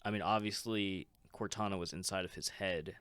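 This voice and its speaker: A man co-hosting a podcast, talking in a relaxed, halting way full of fillers. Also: sits low, clear, resonant tone, dry recording. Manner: relaxed, hesitant, many fillers. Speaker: podcast co-host. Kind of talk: casual chat.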